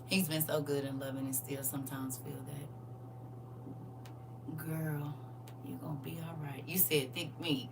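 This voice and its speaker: A woman's voice: low voice, a bit bright, distant mic, a little hiss or hum. A woman hosting a casual faith livestream, laughing and talking straight to her viewers while she reads their comments.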